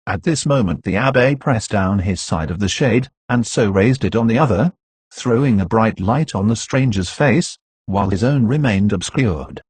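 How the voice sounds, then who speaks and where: A man narrating a classic novel as an audiobook in a steady, even reading. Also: fairly low pitch, normal speed, breathy edge, dry recording.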